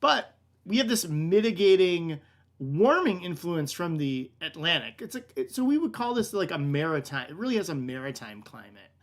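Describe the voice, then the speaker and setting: A man from the United States, a wine shop director, hosts a relaxed online tasting class at a normal speed. His voice is on the high side with big swings in pitch. He meanders through the lesson, calls listeners "man," and fills his talk with "like," "kinda" and "um."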